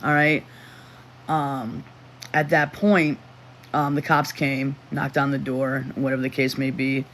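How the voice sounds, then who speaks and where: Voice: medium pitch, little pitch movement, unhurried, fairly bright tone, slight background noise. Rambling livestream storyteller, emotional retelling. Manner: rambling, with self-interruptions and restarts; emotional retelling, reading chat aloud. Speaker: livestream host.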